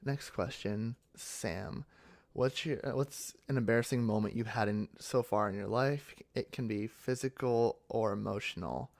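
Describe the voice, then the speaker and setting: This young man from central Pennsylvania, United States, hosts an ASMR channel and is answering viewer comments in a rambling, casual chat packed with fillers and restarts. His voice is lowish and creaky, at a normal speed.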